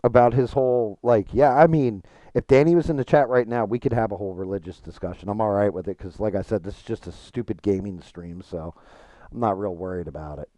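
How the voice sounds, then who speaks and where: Low, mellow-voiced man streaming casually. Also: a little fast, no room sound. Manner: frank and profane, rambling with restarts. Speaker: gaming streamer.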